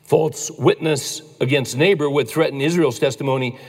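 A man in his sixties, a pastor telling a family story in a sermon, with slow emphatic declarations. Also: fairly high pitch, a little mellow, slightly rough. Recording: long church-hall reverb.

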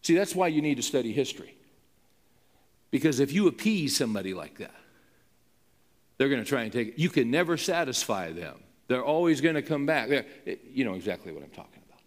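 A man's voice: mid-range voice, very animated, brisk, big-room sound. A male pastor preaching and telling a story in an emphatic, conversational way. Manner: emphatic, conversational, with frequent restarts. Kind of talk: sermon storytelling.

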